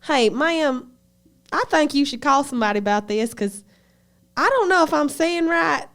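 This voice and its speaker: A woman's voice: high-pitched, animated, moderate pace, fairly bright tone. A woman voicing a flustered woman motorist who calls an emergency line, hesitant and then indignant.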